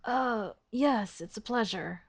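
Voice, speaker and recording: Girl doing a polite young guy, law student, quiet and soft-spoken. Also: a little high, slow pace, a little hiss or hum.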